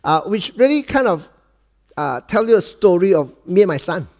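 A middle-aged man from Malaysia with a Malaysian English accent, preaching a sermon and telling a family story, dropping soft and low for quoted lines and cracking dad jokes. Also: big pitch swings, moderate pace.

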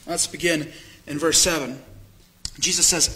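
A man's voice: high-pitched, normal speed, sharp tone, a little hiss or hum, poor audio. A man preaching a sermon as pastor, earnest and candid, repeating phrases for emphasis. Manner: candid, self-disclosing.

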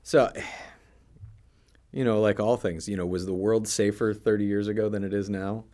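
Dude on a podcast, fairly low voice, jokey, laughs a lot. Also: male voice, fairly even intonation, unhurried, warm tone. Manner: joking, laughs often. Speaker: podcast co-host. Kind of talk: casual chat.

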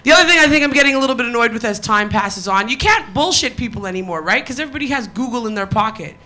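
A woman's voice: on the high side, lively intonation, racing, sharp tone. A woman comedian performing a punchy, profane stand-up set on a live stage.

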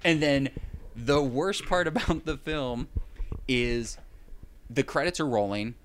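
A man's voice: mid-range voice, takes it slowly. A man in casual chat, recapping a film in a rambling way with wry, sarcastic asides.

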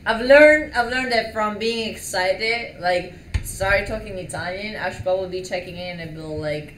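A woman's voice: mid-range voice, moderate pace, a bit bright, roomy sound, distant mic, slight background noise, rough recording. A woman hosting a live stream, chatting in an easygoing, talkative way. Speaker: livestream host. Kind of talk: casual chat.

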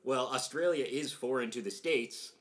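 A man talks about films in a loose, rambling way, full of fillers and restarts. His pitch sits in the middle range. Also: normal speed. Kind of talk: casual film chat.

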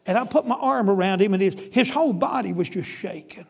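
Folksy pastor with a gravelly voice. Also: male voice, high voice, fairly quick, a little mellow, in a large hall. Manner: folksy, emphatic, addresses listeners as brother. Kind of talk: storytelling sermon.

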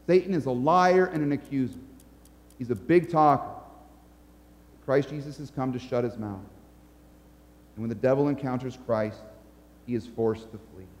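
A man's voice: mid-range voice, moderate pace, long pauses. Brief: an emphatic male preacher delivering a sermon in a reverberant church. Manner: earnest, emphatic, storytelling. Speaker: pastor.

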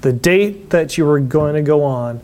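A man's voice: fairly high pitch, moderate pace, a little mellow, a little hiss or hum. A man hosting a casual interview, giving short affirming replies. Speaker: interview host.

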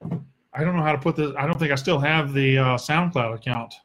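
A young man with a Southern US accent hosts a casual solo sports Q&A podcast, speaking fairly quickly in a voice on the high side with a slightly bright quality. His delivery is blunt, profane, and sarcastic.

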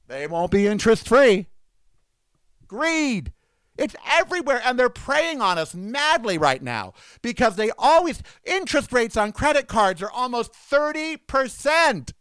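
Man near sixty, indignant sarcastic ranter, high resonant voice, dry close sound. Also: a bit bright, smooth, no room sound. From United States. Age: 50s. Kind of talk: ranting monologue.

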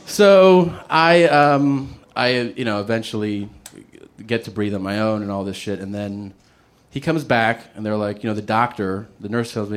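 A man telling a comedic personal story casually, swearing and acting out quotes with big jumps in pitch. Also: normal speed.

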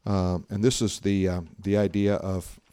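A low-pitched man preaching, telling a story and jumping into the voices of its people. He reads aloud from a book in between, and the sound is dry and close. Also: normal speed, clean tone, no room sound. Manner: animated storyteller, acting out dialogue, reading aloud from a book. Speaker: pastor. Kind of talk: sermon with storytelling.

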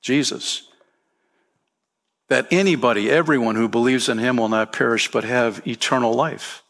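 A man's voice: medium pitch, measured pace, a bit bright. Emphatic male pastor preaching. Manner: emphatic preaching, rising for key points; addresses listeners as "man" and "friend". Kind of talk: sermon.

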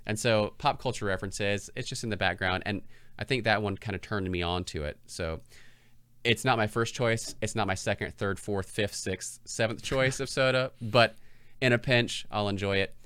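Middle-aged male co-host, lowish smooth voice, dry close sound, easygoing raconteur. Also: normal speed, a bit bright, dry recording. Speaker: podcast co-host. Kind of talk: casual chat.

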